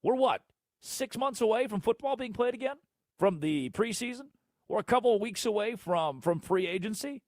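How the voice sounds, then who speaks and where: A man hosting a solo sports talk show, ranting sarcastically and swinging between loud outbursts and low mutters. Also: lively intonation, normal speed, no room sound, clean studio sound. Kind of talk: solo sports radio rant.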